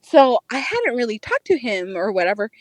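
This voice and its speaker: A young adult woman on a podcast, telling a dating story in a casual, animated, profane way, often breaking into laughter. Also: a little high, moderate pace, no room sound. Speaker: podcast co-host, dating correspondent.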